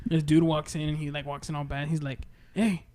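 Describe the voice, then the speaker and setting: Man, high voice, casual podcast chat, laughing storyteller, swears a lot. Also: little pitch movement, fairly quick, dark tone. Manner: laughing, profane, acts out quoted voices.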